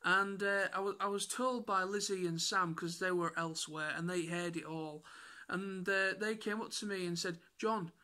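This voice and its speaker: A man with an excitable, rambling way of telling stories in a casual vlog recap. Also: high-pitched, normal speed. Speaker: YouTuber.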